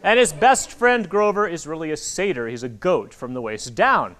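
A man in his forties giving an animated talk to children at a library, acting out the voices in his stories. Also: fairly high pitch, normal speed, some chatter behind. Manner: animated storytelling, acts out quoted voices. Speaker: author speaking to kids. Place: public library hall. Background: audience of children.

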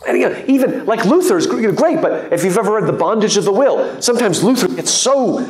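Male guest lecturer, fairly high voice, chatty and joking, heard in an echoey lecture hall. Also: fairly quick. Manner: lively and joking, with many fillers and asides. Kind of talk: live lecture to an audience.

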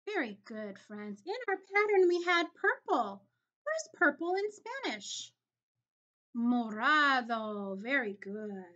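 A woman teacher giving a slow, encouraging video lesson to young children, in a singsong way. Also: high voice, fairly bright tone, highs cut off.

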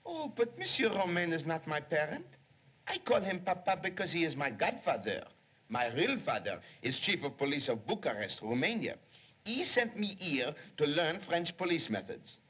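An actor playing an excitable young male police secretary who longs to be a detective, in 1930s film acting, jumpy and pleading. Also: a little high, moderate pace, breathy edge. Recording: dull 1930s film soundtrack.

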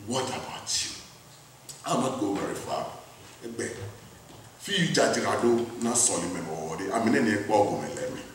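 A man's voice: medium pitch, slight background noise. A man preaching a sermon in a church, mixing English with a West African language and firing rhetorical questions at the congregation. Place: church hall. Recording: echoey and distant in a church.

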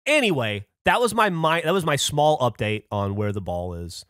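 A podcast co-host with a mid-range voice tells stories in casual chat, swearing freely and staying animated. He speaks at normal speed, and the studio-quality recording has no room sound.

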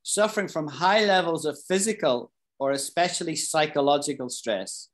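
A British man teaching an English class, explaining expressions slowly, repeating key phrases and asking his students questions. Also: a little high. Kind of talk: live online English lesson.

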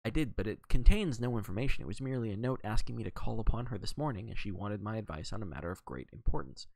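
A man's voice: fairly low pitch, lively intonation, creaky, a little mellow, dry recording. A man doing a soothing middle-aged lawyer. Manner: soothing, measured. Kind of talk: audiobook reading.

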